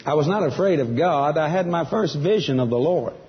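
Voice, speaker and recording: A man's voice: fairly high pitch, lively intonation, brisk, long reverb tail, dull audio. A man giving a testimony sermon, telling his story with animation and acting out the other voices. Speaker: preacher.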